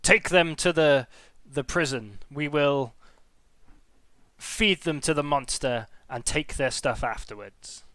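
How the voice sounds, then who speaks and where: Man doing a shrill stammering kobold guard. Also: takes it slowly, fairly bright tone, no echo. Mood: scheming. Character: wary shouting male kobold guard.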